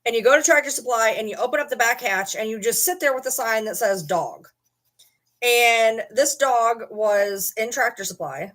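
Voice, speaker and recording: A woman's voice: a little high, moderate pace, fairly bright tone. A woman vlogging casually from home, rambling and swearing offhandedly while talking to her dogs. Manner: rambling, swears casually, talks to her dog mid-sentence. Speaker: channel host. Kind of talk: casual vlog chat.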